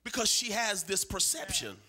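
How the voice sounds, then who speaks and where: Bright, lively-voiced man preaching. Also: sits high, normal speed. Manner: emphatic, rhythmic preaching with repeated phrases. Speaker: pastor. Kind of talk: sermon with call and response. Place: church sanctuary.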